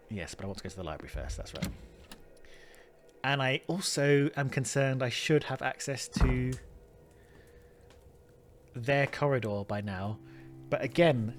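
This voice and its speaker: An English man giving casual gameplay commentary, musing aloud and poking fun at himself. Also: medium pitch. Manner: musing aloud, self-deprecating. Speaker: let's play host.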